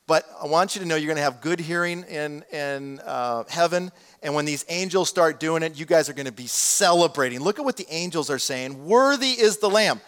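Male pastor, high voice, chatty sermon, builds up on scripture. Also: a little fast. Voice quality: damaged hearing, says so. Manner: conversational preaching, swells loud on quoted scripture.

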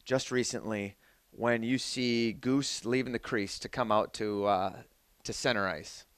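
A man co-hosting a sports talk show, asking questions and chiming in with quick agreement. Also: mid-range voice, steady tone, smooth, no room sound. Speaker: co-host. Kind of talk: casual sports interview.

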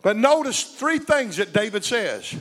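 A man with a strikingly high voice preaches a fiery sermon, swinging between soaring shouts and low confiding asides. He calls out to the congregation for responses. His voice rings through the long reverb of a large church. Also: sing-song, a little slow. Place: church sanctuary.

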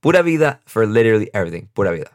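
Hosting his own casual solo podcast, a young New Yorker rambles off the cuff, laughing frequently, his New York accent clear. He speaks rapid-fire in a lowish voice that is very animated.

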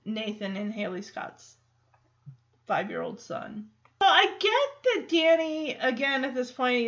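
A woman's voice: high voice, a bit bright, lo-fi sound. A woman hosting a podcast, recapping a TV episode in a chatty, rambling way and acting out the characters' lines as she goes. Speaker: podcast host.

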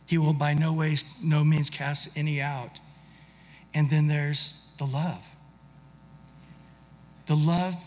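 A pastor's slightly high voice trails off into a long reverb as he preaches. He speaks earnestly in a conversational style and keeps beginning his sentences again.

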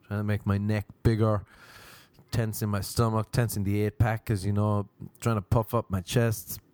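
A young Irish man doing stand-up storytelling, animated and quick to act out other people's voices. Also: on the low side, clean tone, dry recording. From Ireland. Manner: animated, acts out voices in quotes. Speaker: comedian.

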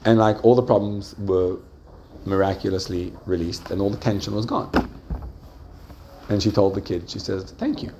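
A man teaching a class, telling a story with lively rises and soft drops and asking his listeners questions. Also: lowish voice, moderate pace, pauses often, a little hiss or hum. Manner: animated storytelling, rising excitedly and dropping softly. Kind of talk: lively lecture with questions to the audience.

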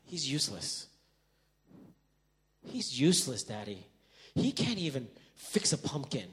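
A man's voice: medium pitch, very animated, unhurried, a bit bright. A man doing an upset doubting little boy. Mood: tearful.

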